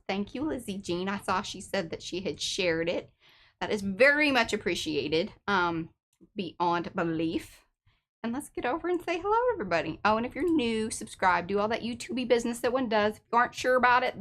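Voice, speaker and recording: A woman's voice: medium pitch, a bit bright. Chatty woman hosting an art livestream. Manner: chatty, greets viewers one by one. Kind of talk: casual livestream chat.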